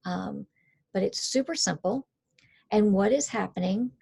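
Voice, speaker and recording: Woman, gravelly husky voice, mellow tone, calm plain explainer. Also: mid-range voice, measured pace. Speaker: coach and author. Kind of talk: conversational explainer.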